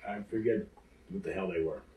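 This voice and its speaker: An older man, a former pro wrestler, telling lively stories in an interview and acting out the people in them. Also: low-pitched, brisk, recorded from a distance. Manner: animated, acts out the people in his stories. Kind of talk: lively anecdotal storytelling. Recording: roomy echo, speaker off-mic.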